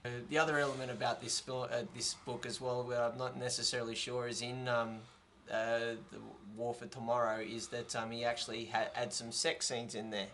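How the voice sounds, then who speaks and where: A man's voice: mid-range voice, little pitch movement, fairly quick, a bit bright, slight background noise. A man hosting a casual podcast chat, full of ums and dry sarcasm. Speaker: podcast host.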